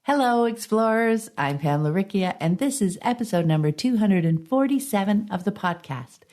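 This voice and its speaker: A woman hosting a podcast with a gentle, measured delivery, her voice slightly hoarse as if she has a frog in her throat. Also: mid-range voice, animated. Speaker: podcast host. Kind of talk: podcast intro and interview.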